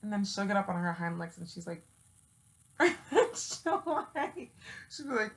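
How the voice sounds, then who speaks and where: A woman's voice: medium pitch, very animated, unhurried. A woman chatting casually to her viewers, laughing often and scolding her cat, with frequent swearing. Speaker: vlogger. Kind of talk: casual chat to camera.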